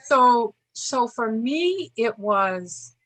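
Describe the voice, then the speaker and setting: An older woman with a bright, clear voice talks as an interview guest. She speaks earnestly and measuredly, breaking into short restarts as she reflects. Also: a little high, animated, extremely slow. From Boston area. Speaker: interview guest, former state senator.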